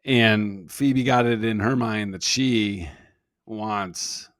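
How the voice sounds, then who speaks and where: A man's voice: fairly low pitch, extremely slow, dry recording, studio quality. A man in his thirties co-hosting a comedy podcast, telling a family story in casual chat and acting out the quoted lines. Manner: animated storyteller, acts out quotes in raised voice. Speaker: podcast co-host.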